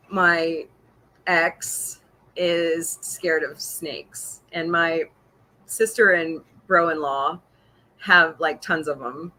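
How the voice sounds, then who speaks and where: A woman's voice: low-pitched, bright, forceful tone. Chatty middle-aged woman hosting a livestream. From Missouri. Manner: chatty, laughs often, reads viewer comments. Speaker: podcast host. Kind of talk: casual livestream chat.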